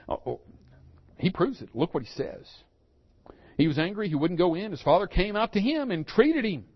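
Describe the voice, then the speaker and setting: A pastor preaching a sermon, acting out the story's characters with rising and falling intensity. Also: male voice, high-pitched, very animated, normal speed, breathy edge, dull audio.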